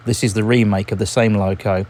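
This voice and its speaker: A man hosting a model railway vlog, talking in a relaxed, chatty way with frequent ums and self-corrections. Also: lowish voice, a little fast, slight background noise. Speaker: model railway channel host. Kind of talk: casual hobby vlog narration.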